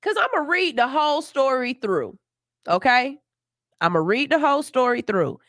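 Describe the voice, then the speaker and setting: A woman's voice: high voice, big pitch swings, moderate pace, a bit bright, no room sound, studio quality. A woman hosting a morning radio show, ranting in outrage with profanity, then reading news stories aloud. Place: radio studio.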